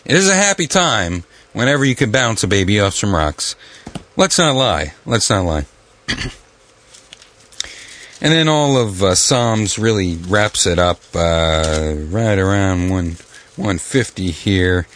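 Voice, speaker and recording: A man hosting a comic talk show, wisecracking and halting, with many fillers and restarts, often jumping into loud, high, exaggerated voices. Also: expressive. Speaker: radio show host.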